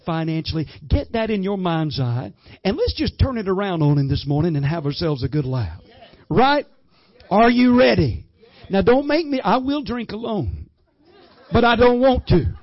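A middle-aged man preaching a lively sermon, laughing often as he leads holy laughter. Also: high voice, no room sound, muffled recording. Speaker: guest minister. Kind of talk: Pentecostal-style sermon leading holy laughter.

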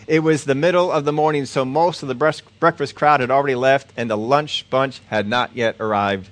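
A man preaching, reading a story aloud as a sermon illustration at a steady storytelling pace. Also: medium pitch, brisk. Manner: steady storytelling, occasional slips.

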